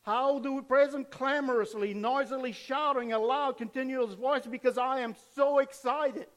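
Older preacher, high voice, long reverb. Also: male voice, normal speed. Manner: animated preaching, acts out cheering fans. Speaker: pastor. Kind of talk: sermon.

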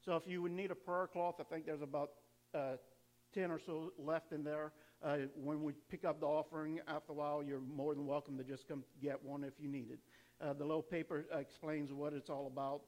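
Chatty pastor with a higher voice. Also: male voice, flat delivery, fairly quick, a little mellow. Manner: casual, chatty, laughs easily, restarts. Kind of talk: church announcements and offering. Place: church sanctuary.

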